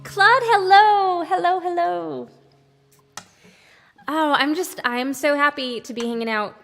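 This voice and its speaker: A woman's voice: extremely high pitch, measured pace, vocal fry, big-room sound. A woman who sings and plays, hosting a live stream and chatting casually with viewers between songs, rambling and greeting people by name mid-thought. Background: her own acoustic guitar.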